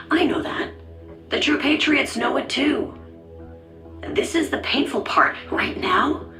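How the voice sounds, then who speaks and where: A woman voicing a secretive female hacker in an audio drama, calm and intense, with a soft, hushed delivery. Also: a little high, roomy sound. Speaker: anonymous leaker.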